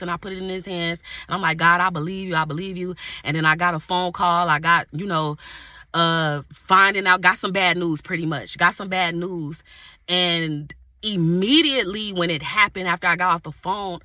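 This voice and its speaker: A woman's voice: medium pitch, sharp tone, no echo, clean studio sound. A woman coach giving a fervent, repetitive faith talk to camera and praying aloud to God. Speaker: inner healing and purpose coach. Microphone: camera mic.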